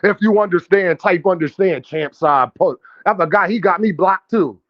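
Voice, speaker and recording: A brash, trash-talking male streamer riffs on boxing and calls out his chat with a high-pitched, animated voice. His profane banter sits in dull, lo-fi stream audio. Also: normal speed. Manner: addresses chat directly, calls out viewers. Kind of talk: live-stream boxing commentary.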